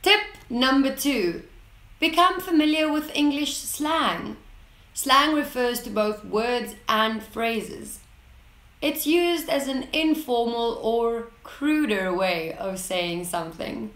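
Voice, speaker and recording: A woman hosting an English lesson channel, explaining tips in a clear, deliberate way and stressing key words. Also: on the high side, lively intonation, a bit bright. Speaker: English teacher, channel host. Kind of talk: scripted lesson to camera. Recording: roomy echo.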